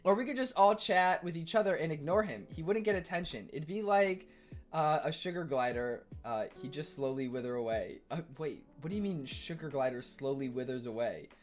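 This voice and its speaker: A man streaming live and chatting casually with his viewers, sarcastic and swearing, bursting into loud exasperation. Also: on the high side, lively intonation, normal speed, soft background music. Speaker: Twitch streamer reading chat. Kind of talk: casual livestream chat with viewers.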